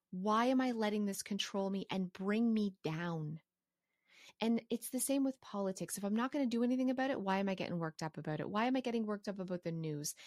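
A woman from Canada who runs a course for professional organizers, talking through her life rules in a passionate, animated way with quick asides. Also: mid-range voice, no room sound, studio quality. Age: adult with a young son. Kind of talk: casual advice monologue.

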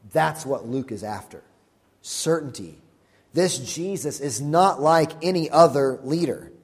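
A man's voice: fairly high pitch, animated, a little slow, long reverb tail. A man, a pastor, preaching a sermon with emphatic, repeated phrases. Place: church sanctuary.

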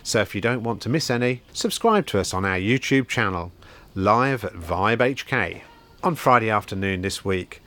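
A man hosting a podcast from his bookshop, reading out shop news and introducing a guest in a measured way. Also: on the low side, a bit bright. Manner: measured, read-out announcements. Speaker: podcast host, bookshop owner.

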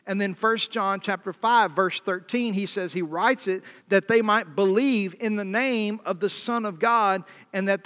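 A man with a Southern American accent preaches an evening sermon, moving easily between reading scripture and talking plainly to his congregation. His voice sits high for a man. The sound carries a long, lingering reverb, like a large church sanctuary. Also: a bit bright. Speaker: pastor.

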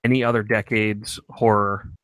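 A man's voice: lowish voice, flat delivery, normal speed, fairly bright tone, no room sound. Enthusiastic man in casual chat. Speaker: podcast co-host.

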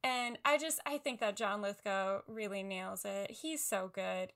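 A young woman co-hosting a podcast, chatting in an animated, lively way about films. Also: medium pitch, unhurried. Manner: animated, laughs often. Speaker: podcast co-host. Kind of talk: casual film chat.

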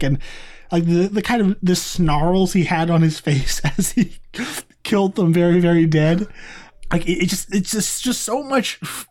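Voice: medium pitch, darkish tone. A podcast co-host in a casual review chat, talking in a chatty, rambling way with many asides.

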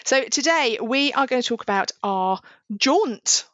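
Bright-voiced woman podcast co-host. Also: a little high, animated, no room sound, highs cut off. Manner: friendly, steers the talk, quick agreeing. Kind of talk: casual chat.

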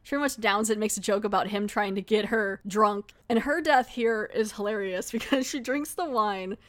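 A woman podcast host giving a casual, chatty recap of a TV episode, laughing now and then and slipping into quick acted asides. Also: medium pitch.

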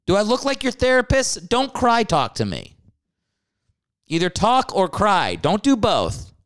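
A married man hosting a comedy podcast, ranting with joking asides and casual swearing. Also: medium pitch. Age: adult, married. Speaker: podcast host.

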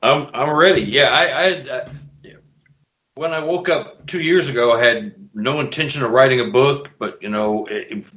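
A man talking as a guest on a show, an animated storyteller who repeats words and breaks into laughs. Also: medium pitch, moderate pace. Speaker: guest author and Bigfoot investigator. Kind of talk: casual chat. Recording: roomy, dull sound.

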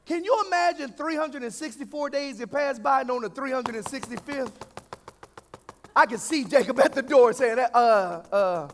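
A man's voice: very high voice, normal speed. A male pastor delivering a humorous sermon, calling out for the congregation to answer back. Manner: humorous, call-and-response preaching. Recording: echoey hall.

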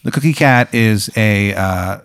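A man's voice: lowish voice, a little slow, a bit bright, clear, resonant tone, no room sound, clean studio sound. A man telling a rambling, absurd hypothetical in casual talk, full of fillers. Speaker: podcast co-host. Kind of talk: casual improvised storytelling.

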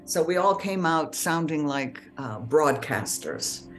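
A middle-aged woman from New Orleans with a Mid-Atlantic accent and proper, measured diction, answering interview questions with pauses and fillers. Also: low voice, expressive, reverberant, soft background music. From New Orleans, USA. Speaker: actor and author, podcast guest.

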